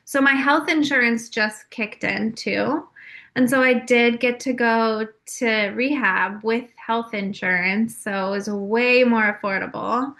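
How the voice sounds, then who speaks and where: A woman's voice: fairly high pitch, unhurried, fairly bright tone. A young woman from California telling her personal story openly on a podcast, with frequent fillers. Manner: open and confessional, frequent fillers. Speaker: podcast guest.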